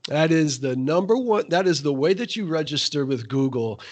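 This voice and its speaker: A man's voice: on the high side, animated, moderate pace, darkish tone. A middle-aged man co-hosting a podcast in casual chat, moving from stories to practical business tips. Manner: conversational, steers to practical tips. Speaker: podcast co-host.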